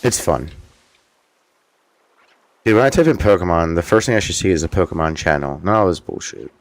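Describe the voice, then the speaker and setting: Man, streamer, low voice, casual, rambling, offhand, swears. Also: animated, quick pace. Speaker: streamer host. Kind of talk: casual gameplay commentary.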